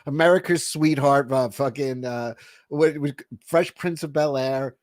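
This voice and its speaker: A man's voice: mid-range voice, a little slow, no room sound. A man hosting a casual livestream chat, swearing a lot and laughing as he talks. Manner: profane, animated, laughing often. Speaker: podcast host.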